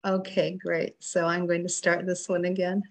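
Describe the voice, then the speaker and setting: A woman reading her own poems over a video call in a slow, measured way. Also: on the low side, completely flat delivery. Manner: slow, measured, softly rising and falling reading. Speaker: poet reading her work.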